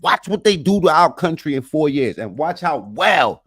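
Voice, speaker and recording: A man's voice: on the high side, sing-song, moderate pace, a bit bright. A man giving blunt, profane, rambling commentary as he reacts to video clips. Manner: blunt, heavy swearing, rambling street talk.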